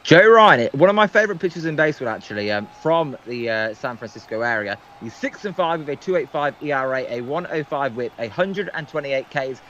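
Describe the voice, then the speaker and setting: A man's voice: mid-range voice, expressive, fairly quick, few pauses, a bit bright, muffled recording, slight background noise. A man calling baseball play-by-play on a livestream, hesitant and full of filler ums. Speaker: guest play-by-play commentator.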